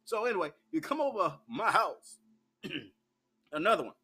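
Guy from memphis, high voice, cussing and laughing thru his own talk show rant. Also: big pitch swings, normal speed, bright, forceful tone, breathy edge. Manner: profane, brash, laughs often. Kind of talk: uncensored solo monologue.

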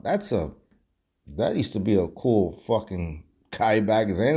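A man's voice: on the low side, sing-song, a little slow, warm tone, slightly rough, lo-fi sound. Man ranting, swearing nonstop. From United States. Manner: profane, rambling, heavy swearing. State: drinking beer. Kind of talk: casual rambling rant.

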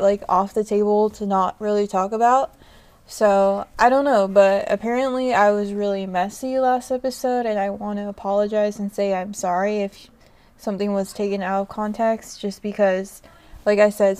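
A woman's voice: medium pitch, a little mellow, smooth. A young woman hosting her own podcast in casual solo chat, talking loosely with lots of fillers, frequent laughs and casual swearing, into a podcast microphone. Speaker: podcast host.

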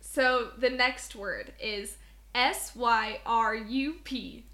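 A woman's voice: a little high, very slow, bright, forceful tone. A young woman co-hosting a podcast, chatting casually, giggling and reading bits aloud from an article. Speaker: podcast co-host. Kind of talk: casual chat.

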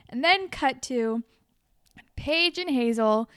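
A woman's voice: a little high, sing-song, slow pace, fairly bright tone, clear, resonant tone, no echo. A young woman co-hosting a podcast, chatting casually, swearing and acting out characters in raised voices. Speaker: podcast co-host. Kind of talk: casual recap chat.

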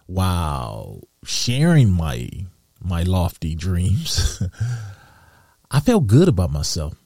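Man, podcast host, deep low voice, mellow tone, slow musing delivery, soft laughs. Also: no room sound, studio quality. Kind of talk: reflective solo podcast monologue.

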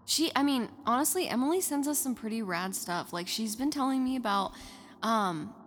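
A woman's voice: fairly high pitch, expressive, normal speed. A woman co-hosting a paranormal podcast, chatty and casual, with many fillers. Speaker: podcast co-host. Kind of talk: casual chat.

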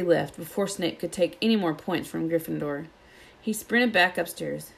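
Lowish woman reading a storybook aloud. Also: normal speed, creaky. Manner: steady, even storytelling. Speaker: audiobook reader. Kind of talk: reading a children's novel aloud.

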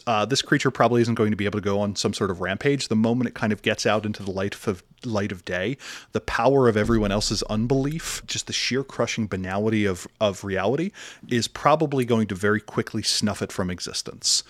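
A man running a tabletop role-playing session, narrating scenes in a relaxed, wry, descriptive way. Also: lowish voice, brisk, no room sound. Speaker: game master.

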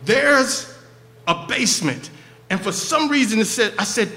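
A man telling a profane, comic story on stage at a live show, in an animated way. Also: high voice, moderate pace. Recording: echoey live venue.

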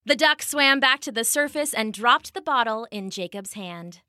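Lively, bright-voiced woman storyteller. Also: on the high side, normal speed, hardly any pauses, no echo, clean studio sound. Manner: animated, expressive storytelling. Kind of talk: scripted narration of a children's story.

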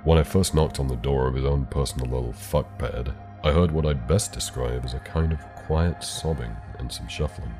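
A man narrating a horror story in a calm, measured way. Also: a bass voice. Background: soft background music.

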